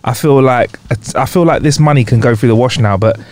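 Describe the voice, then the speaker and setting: A man co-hosting a casual podcast, playful and quick to riff along. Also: medium pitch, darkish tone. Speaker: podcast co-host. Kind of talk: casual chat.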